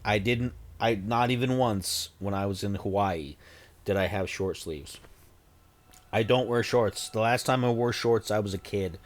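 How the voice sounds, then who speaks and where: A man in his forties with a somewhat low voice talks casually to his stream audience. He rambles from one thing to the next with self-deprecating, joking asides, close to a desk microphone. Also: unhurried. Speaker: livestreamer.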